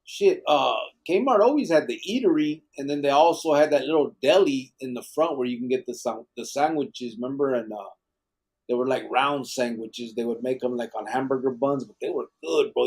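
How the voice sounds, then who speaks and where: A man's voice: medium pitch, moderate pace, darkish tone, breathy edge. A man hosting a live podcast, chatting casually and reading out chat messages in a laid-back, slangy way that is full of swearing. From Arizona.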